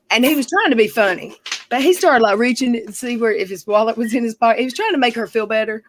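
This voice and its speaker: A woman's voice: on the high side, fast talker, poor audio. A woman hosting a livestream, telling family stories in a rambling, chatty way and often correcting herself mid-sentence. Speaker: livestream host. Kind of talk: casual storytelling chat.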